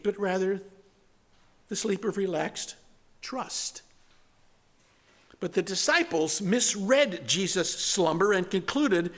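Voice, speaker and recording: A man preaching a sermon, moving between strong emphasis and hushed, near-whispered lines. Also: high-pitched. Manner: dramatic shifts from loud to hushed, near-whispered words. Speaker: pastor.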